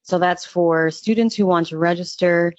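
A woman with a low voice speaks with enthusiasm as a radio interview guest. She often uses "um" fillers. The sound is dry and a little dull, like a lo-fi line. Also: steady tone, moderate pace, no room sound. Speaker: executive director of a youth music nonprofit.

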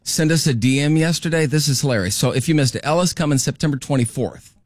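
A man's voice: a little high, fast talker, no echo, clean studio sound. A man hosting a morning radio show in casual chat, joking and explaining contest rules. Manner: jokey, chatty, explaining rules.

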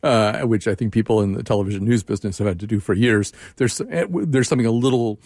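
A man's voice: fairly low pitch, fairly even intonation, fast talker, a little mellow, dry recording. Chatty older male radio host, dry studio sound. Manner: conversational, with frequent fillers and restarts. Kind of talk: radio interview.

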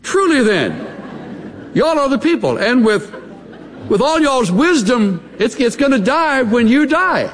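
A man voicing the suffering Job, mocking his friends with drawn-out sarcasm in a raised voice. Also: extremely high pitch, big pitch swings, fairly bright tone, voice pushed up, heavily acted. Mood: sarcastic.

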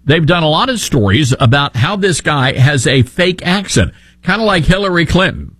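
Husky, animated male talk radio host. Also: fairly high pitch, moderate pace, no room sound. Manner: animated, sarcastic, joking.

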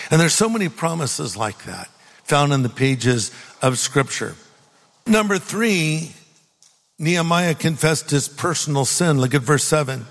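A man's voice: on the high side, expressive, moderate pace, long reverb tail. A man preaching a sermon, earnest and conversational, asking the listeners questions as he reads and explains scripture. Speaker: pastor.

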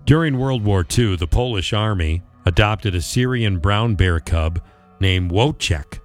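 A man's voice: fairly low pitch, animated, measured pace, faint music behind. A man co-hosting a radio show, reading ads and trivia in a casual chat with dry quips. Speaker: radio co-host.

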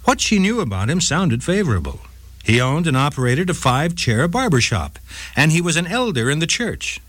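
A man's voice: moderate pace, husky, no room sound. A man hosting a short radio legal segment, telling a case story in scripted narration with dramatic storytelling. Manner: dramatic storytelling with lively pitch.

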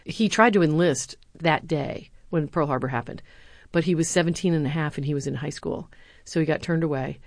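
Middle-aged woman, deep-pitched, earnest former speechwriter in an interview. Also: moderate pace, no room sound. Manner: earnest, animated when quoting others. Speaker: university lecturer. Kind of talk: interview answers, storytelling.

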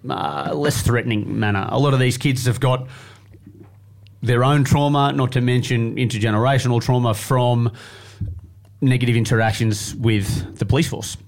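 A man's voice: mid-range voice, normal speed, gravelly. Aussie bloke on a podcast, yarning away, does the voices when he quotes people. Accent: Australian. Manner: animated storyteller, acts out quotes. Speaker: podcast co-host. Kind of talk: casual chat.

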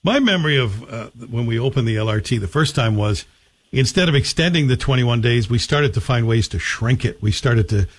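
A man's voice: mid-range voice, lively intonation, fairly quick, breathy edge. A man hosting a radio talk show, asking direct questions in a conversational way. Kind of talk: radio interview and live read ad.

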